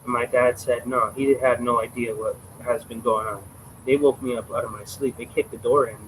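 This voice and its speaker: A man's voice: medium pitch, fairly even intonation, normal speed, a bit bright, a little hiss or hum, rough recording. A man in his twenties on a livestream, telling a story casually and with emphasis, rambling and swearing freely. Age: 20s. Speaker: livestream host.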